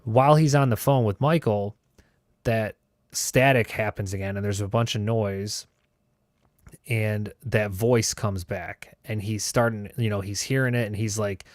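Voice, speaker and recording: A man's voice: on the low side, fairly even intonation, unhurried, no echo. A man hosting a show, telling a story in a loose, casual way, swearing and filling his talk with "like" and "you know". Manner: loose and profane, heavy with fillers. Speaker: host.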